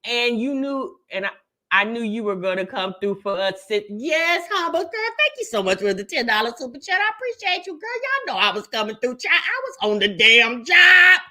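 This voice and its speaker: A woman's voice: on the high side, sing-song, moderate pace, bright, forceful tone. A woman hosting a casual livestream commentary, sassy, calling listeners baby and honey while greeting the chat.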